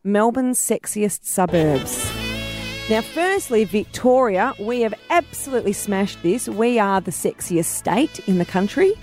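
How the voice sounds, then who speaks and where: A woman hosting a radio show, chatty and quick to laugh. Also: mid-range voice, lively intonation, darkish tone, faint music behind. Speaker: radio host. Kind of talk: breakfast radio banter. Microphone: studio microphone.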